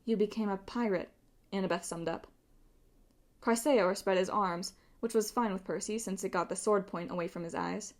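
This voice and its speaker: A woman reading a novel aloud as an amateur audiobook reader, with steady, expressive narration on a cheap home microphone. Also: mid-range voice, normal speed. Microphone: cheap microphone, phone voice memo app.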